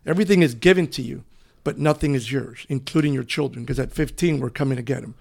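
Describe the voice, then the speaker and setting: A middle-aged man from Cuba, a retired police officer, telling his story in an interview in a relaxed, rambling way. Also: mid-range voice, fast talker, gravelly. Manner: relaxed, rambling, often says "you know". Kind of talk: conversational storytelling.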